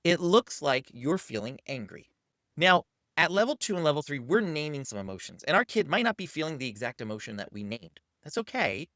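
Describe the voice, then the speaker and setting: A man's voice: on the high side, very animated, fast, pushed and bright, no room sound, studio quality. A man hosting a parenting channel, teaching to camera in an upbeat coaching manner and acting out what to say to a child.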